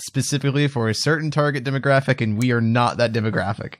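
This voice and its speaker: A man's voice: mid-range voice, quick pace. A man co-hosting a podcast, making dry, skeptical remarks. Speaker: podcast co-host. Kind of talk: casual chat.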